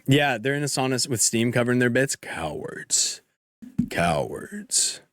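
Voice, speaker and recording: A man's voice: medium pitch, fairly even intonation, fast talker, dry recording. A man streaming a video game live, chatting loosely in a rambling, joking way. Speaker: gaming streamer. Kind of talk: casual live-stream chat.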